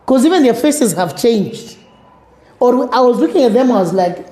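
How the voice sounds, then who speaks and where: A middle-aged woman with a Kenyan accent, telling her personal story as an interview guest, animated and acting out the voices of others. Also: on the high side, fairly quick, reverberant. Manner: animated, acts out quoted voices, mixes in Swahili words.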